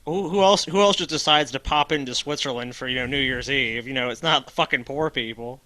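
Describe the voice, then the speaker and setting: A man's voice: mid-range voice, a little fast, sharp tone, no room sound, poor audio. A man co-hosting a podcast, teasing the others in casual banter. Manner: teasing, laughing along. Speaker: podcast co-host.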